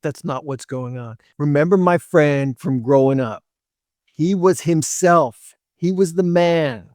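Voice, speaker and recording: A man with a fairly high voice hosts a dating advice talk, lecturing bluntly straight at the listener. He drops short laughs between points and slips into quoted voices of women. The sound is dry and close, with no room around it. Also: takes it slowly, a little mellow, no echo. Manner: blunt, lectures directly, acts out women's lines. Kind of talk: opinionated monologue to camera.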